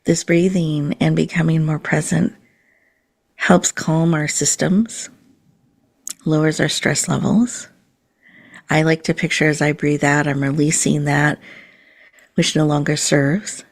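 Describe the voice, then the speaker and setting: A woman hosting a podcast, leading listeners through a slow, soothing mindfulness and breathing exercise. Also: deep voice, level tone, gravelly. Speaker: podcast host.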